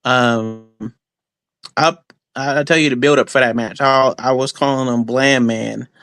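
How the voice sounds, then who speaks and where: A male guest wrestler trash-talks boastfully on a casual podcast interview, loose and rambling with plenty of fillers and restarts. His medium-pitched voice is fairly even and measured, a bit bright, clear and resonant, with no room sound.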